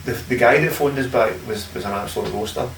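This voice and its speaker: A man's voice: medium pitch, fast talker, creaky, fairly bright tone. A Glaswegian man, a podcast guest, telling stories in casual chat, swearing freely and laughing as he goes; echoey room, far from the mic, faint hiss. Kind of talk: casual storytelling.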